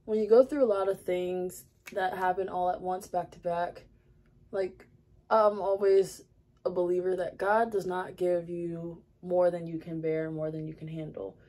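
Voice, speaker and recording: A woman's voice: fairly low pitch, level tone, measured pace, mellow. A young woman vlogging at her makeup area at home, chatting candidly with lots of fillers. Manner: rambling, many fillers, candid. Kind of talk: casual confessional chat.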